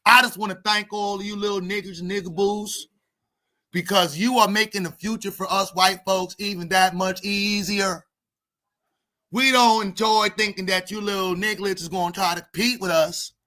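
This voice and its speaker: A man voicing a mocking country white man who slows his words and calls out like a preacher at a rally. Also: sits high, steady tone, pushed and bright. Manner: drawn-out preacher-style rally cries.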